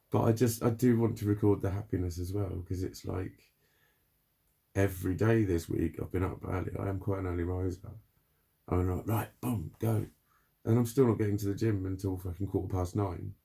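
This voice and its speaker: A man's voice: sits low, steady tone, normal speed, vocal fry, mellow. A man rambling casually in a spoken video diary, swearing often and laughing between thoughts. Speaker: vlogger.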